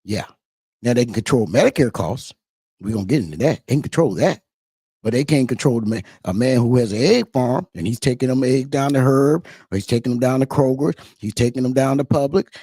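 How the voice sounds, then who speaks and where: A man's voice: medium pitch, fairly quick, dark tone, breathy edge, no echo, clean studio sound. A middle-aged man, talking casually and preachily to his listeners about everyday issues, asking them rhetorical questions. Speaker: trucker commentator. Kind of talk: casual monologue.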